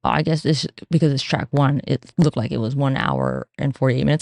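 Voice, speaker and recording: A woman's voice: a bass voice, quick pace, gravelly, dry recording, clean studio sound. A young woman hosting her own podcast, rambling and swearing freely in a casual solo rant. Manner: swears a lot, rambling, animated. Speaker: podcast host.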